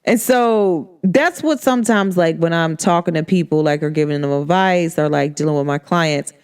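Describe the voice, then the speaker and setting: A woman's voice: low voice, moderate pace, smooth. A woman hosting a podcast, talking casually and acting out the people in her stories. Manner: animated storytelling, acts out quoted people. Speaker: podcast host. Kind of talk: casual monologue.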